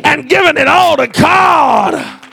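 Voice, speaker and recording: A man's voice: very high voice, animated, slow, gravelly, bright, forceful tone, raised voice, slight background noise. A man, preaching a Pentecostal sermon in rhythmic bursts, starting each phrase with "uh". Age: 30s. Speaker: pastor.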